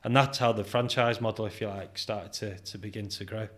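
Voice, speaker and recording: Low-voiced British man telling stories. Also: a little fast. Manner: animated anecdote-telling, acts out quoted dialogue, laughs often. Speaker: podcast guest, business founder. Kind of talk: casual interview storytelling.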